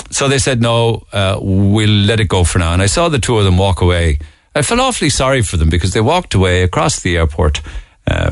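Low-voiced Irish man telling a rambling story. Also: no room sound, clean studio sound. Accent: Irish, Cork. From Ireland. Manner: rambling, full of fillers and restarts. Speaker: radio show host. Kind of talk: casual radio talk, telling an anecdote. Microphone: studio microphone.

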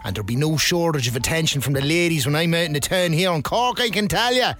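A man's voice: high-pitched, fairly bright tone. An actor playing a cocky, boastful man from Dundalk in a comedy radio sketch. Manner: boastful, aggrieved.

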